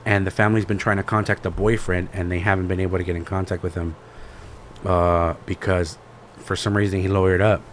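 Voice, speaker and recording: A podcast co-host with a low, fairly flat voice talks fairly quickly over a little hiss or hum. His casual retelling is rambling and laid-back, full of fillers and slang like "bro."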